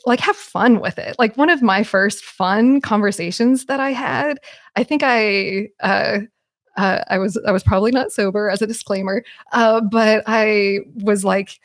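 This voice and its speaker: A woman talking casually as a podcast guest, animated, with many fillers and restarts. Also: medium pitch, no room sound, clean studio sound. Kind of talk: casual conversation.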